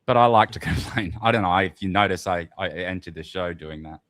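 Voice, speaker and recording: A man's voice: sits low, brisk, fairly bright tone, no room sound, clean studio sound. A man with an Australian accent in brash, swearing casual chat who laughs often.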